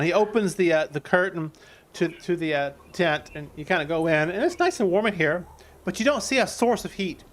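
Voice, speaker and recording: A man's voice: high voice, lively intonation, a little fast. A man narrating a tabletop game as game master, rambling through restarts and fillers.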